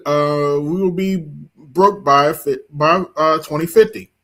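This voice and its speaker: A man's voice: fairly high pitch, fairly even intonation, slow pace, a bit bright. A man hosting a livestream, talking emphatically and repeating his points straight to his audience. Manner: emphatic, repetitive, addresses audience directly. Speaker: streamer host. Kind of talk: casual commentary livestream.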